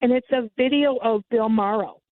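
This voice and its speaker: Lady telling her scam story over a thin phone line, highish voice, dead dry sound. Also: normal speed, no room sound. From United States. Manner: lively, mimics others with sudden high pitch jumps. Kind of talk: casual storytelling.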